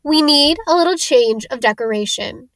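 A kindly old headmaster speaks with gentle, measured authority, as a woman reads him aloud. His voice stays calm and warm-hearted. The recording is dry. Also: high voice, no echo.

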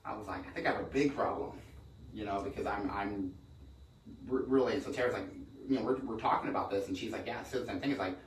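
A man's voice: lowish voice, slight background noise. A middle-aged man in real estate, telling rambling stories in a casual podcast conversation, often restarting his sentences. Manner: fast, rambling storyteller with frequent restarts. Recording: echoey room, mic at a distance.

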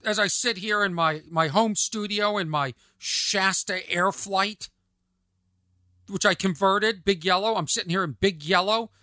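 Male podcast host, solo comedy monologue, high bright voice, rambling, self-mocking, dry close sound. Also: a little slow, no echo. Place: home studio in a converted camper.

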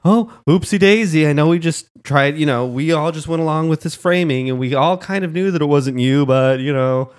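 A man putting on a smug, condescending council voice, mocking and sing-song with high, exaggerated delivery. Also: normal speed, hardly any pauses, clear, resonant tone, natural voice. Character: smug condescending Jedi council, fake cheery.

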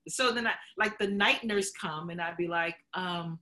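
Woman show host, candid storyteller with a bright, forceful voice, laughs easily and acts out what people said. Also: lowish voice, normal speed. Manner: emotional, chokes up while telling it; laughs often, acts out quotes. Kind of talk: candid conversation.

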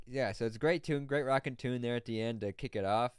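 A man's voice: medium pitch, quick pace, few pauses, smooth, no room sound, studio quality. A man co-hosting a podcast in casual chat, upbeat, sometimes singing bits of lyrics. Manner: upbeat, sings snatches of lyrics. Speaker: podcast co-host.

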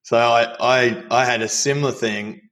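A man's voice: medium pitch, fairly even intonation, moderate pace, a bit bright. A man talking candidly in a casual conversation, telling personal stories. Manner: candid, storytelling with acted quotes.

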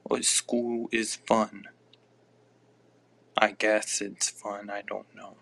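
A man hosting a podcast, chatting casually and offhandedly in a halting, mumbling way. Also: on the low side, level tone, vocal fry, a bit bright. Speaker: podcast host. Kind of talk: casual live-stream chatter.

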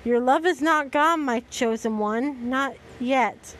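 A solemn, fatherly god creature speaking from the skies, as a woman reads him out in a storybook telling. The delivery slows and measures each phrase, though the voice stays fairly high. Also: fairly bright tone.

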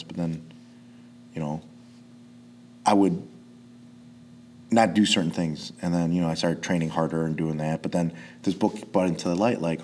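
Low-voiced rambling jiu-jitsu coach. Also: male voice, fairly even intonation, moderate pace, long pauses, darkish tone, slight background noise. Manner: rambling, profane, restarts sentences often. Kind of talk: casual podcast chat.

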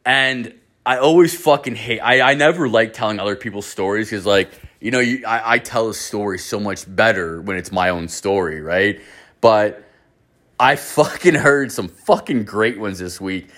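A man's voice: fairly low pitch, normal speed, fairly bright tone. A man hosting his podcast, telling stories in a profane, rambling, casual way. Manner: profane, rambling, lots of fillers. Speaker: podcast host. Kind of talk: casual storytelling.

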